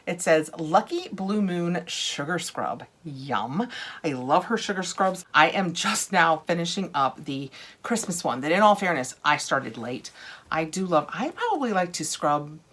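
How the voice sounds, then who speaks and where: An older woman chatting casually through a product unboxing, gushing over items and dropping to a soft whisper now and then. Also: on the low side, expressive, measured pace.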